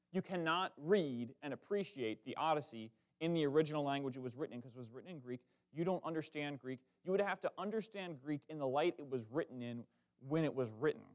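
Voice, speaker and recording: A man delivers a sermon in a church, his voice sitting a little high for a man. He speaks, keeping it conversational and lively, full of quick asides and self-corrections as he talks to the congregation. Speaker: preacher. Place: church sanctuary.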